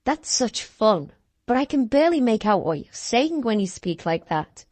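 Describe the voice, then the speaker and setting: A woman's voice: fairly high pitch, sing-song, moderate pace, darkish tone, no echo. A woman playing a quiz contestant in playful, teasing banter. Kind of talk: casual banter.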